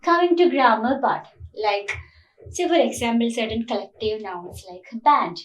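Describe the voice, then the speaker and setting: A woman's voice: on the high side, measured pace, distant mic. A woman with an Indian English accent, a college lecturer explaining with many repeats and fillers. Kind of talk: classroom lecture. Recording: echoey room, voice away from the mic.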